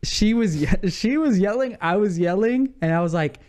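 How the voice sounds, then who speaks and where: A young man telling a heated story in casual chat on a podcast, animated and saying "dude" a lot. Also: high voice, normal speed, clear, resonant tone.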